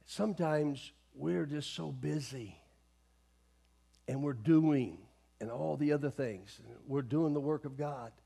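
A man's voice: a little high, slow pace, creaky, warm tone, slightly rough. A middle-aged male pastor preaching a sermon in a folksy way, with many asides and calls to the congregation.

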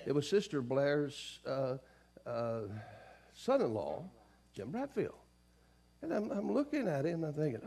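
A middle-aged man delivering a sermon in a church, his voice sitting a touch higher than most men's. He tells stories in a low, confiding tone, then climbs and pushes hard on his main points. He calls out to the congregation for responses. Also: very animated, unhurried, long pauses, breathy edge. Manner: call-and-response preaching, swings from soft storytelling to loud emphasis. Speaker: pastor. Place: church sanctuary.

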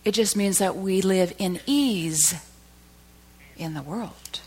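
A woman's voice: mid-range voice, slow pace, slightly rough. Woman preaching a storytelling sermon. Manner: storytelling, building to loud emphatic peaks.

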